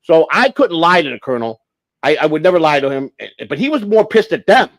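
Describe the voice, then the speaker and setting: A man with a fairly high voice that swings up and down a lot tells a rambling, cuss-filled story on a livestream. He keeps backing up and restarting his sentences. The sound is dry and close, with no room echo. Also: very animated, brisk. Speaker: livestream host.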